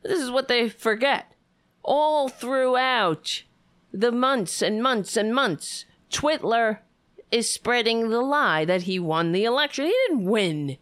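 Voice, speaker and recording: A woman pours out angry, profane commentary as she reacts to a political clip, throwing sarcastic jabs between her points. Her pitch leaps high and drops low as she vents. The sound is close and dry, with no room echo. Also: lively intonation, takes it slowly, fairly bright tone. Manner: furious, swearing, sarcastic asides.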